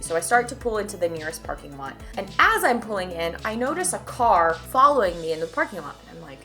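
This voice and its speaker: Young woman yapping a story to camera, super expressive, jumps loud then quiet, soft music in back. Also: on the low side, fairly quick, hardly any pauses. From Idaho, US. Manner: animated, chatty, swings from loud to hushed. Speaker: vlogger.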